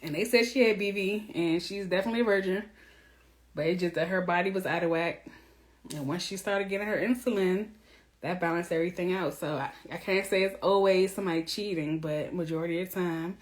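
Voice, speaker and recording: A woman in her thirties, a womb wellness coach, chatting casually and bluntly to her followers, animated with slangy asides. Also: mid-range voice, moderate pace.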